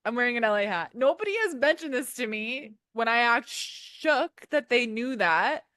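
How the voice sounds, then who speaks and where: A woman's voice: a little high, moderate pace, no room sound, studio quality. A young woman from Wisconsin, co-hosting a podcast in casual chat, giggly and rambling as she tells stories. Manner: giggly, rambling, animated storytelling. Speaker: podcast co-host.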